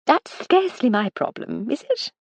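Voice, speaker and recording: A woman voicing a breezy, wry aristocratic Edwardian lady in an audiobook, quick to laugh. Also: sits high, sing-song, husky, dry recording, voice pushed up, full character voice.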